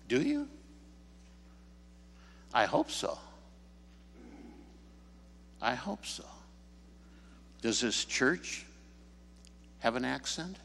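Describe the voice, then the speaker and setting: A man from the Chicago area preaches to his congregation, telling stories and asking pointed, rising questions. His voice sits at an ordinary middle pitch. It carries with the long reverb of a church hall. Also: very animated, very slow, gravelly, long pauses, pushed and bright, slight background noise. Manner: storytelling, rising emphatic questions. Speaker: pastor. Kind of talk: sermon. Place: church sanctuary.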